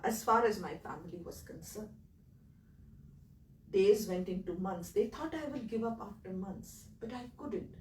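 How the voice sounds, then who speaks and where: A woman with an Indian accent, telling her own story in an earnest, emotional way that swings between loud and quiet. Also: fairly high pitch, roomy sound, recorded from a distance, a little hiss or hum, low-quality recording. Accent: Indian English. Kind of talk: personal storytelling talk.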